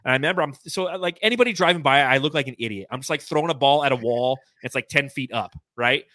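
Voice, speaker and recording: Laughter fills the lively storytelling of this California man, who co-hosts a casual sports podcast. His medium-pitched voice runs fast over a recording free of room sound.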